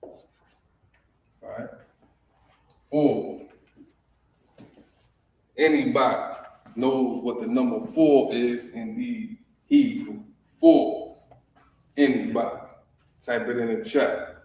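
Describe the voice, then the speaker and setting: A man with a Southern US accent leads a livestreamed lesson at an unhurried pace, repeating each word and often pausing to ask if everyone follows. He stands away from the mic, so his voice carries the heavy echo of a bare room. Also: mid-range voice, fairly even intonation, darkish tone, recorded from a distance, a little hiss or hum. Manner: repetitive, checks in with listeners. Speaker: teacher.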